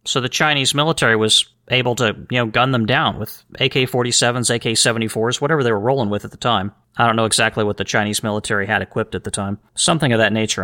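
A man's voice: mid-range voice, sharp tone. A man hosting a history podcast, talking in a rambling, emphatic monologue full of restarts and asides. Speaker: podcast host.

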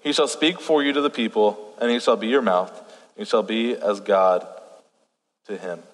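In a church hall with long, echoing reverb, a young youth pastor delivers a relaxed, chatty sermon full of joking asides and scripture he reads aloud. His voice is on the low side and he talks at an ordinary pace, with a slight lisp and a stutter.

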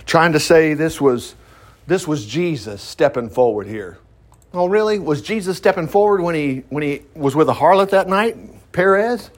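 A man's voice: a little high, expressive, brisk. A man reading a Bible story aloud as a teacher, breaking off for chatty, laughing asides. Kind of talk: reading scripture with commentary.

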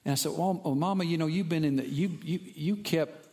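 A man's voice: on the high side, a little fast, a little mellow. A middle-aged man, preaching a sermon and telling a personal story, building to impassioned emphasis. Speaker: pastor.

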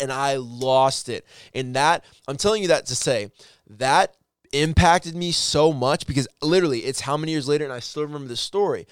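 A man with an average-pitched voice recorded close and dry, with no room sound. He tells a story in a loose, earnest way, often restarting and correcting his sentences. His tone leans encouraging as he speaks to his audience. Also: animated, normal speed, clear, resonant tone, no echo. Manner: rambling, with frequent restarts and self-corrections. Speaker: storyteller addressing viewers. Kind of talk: casual heartfelt storytelling.

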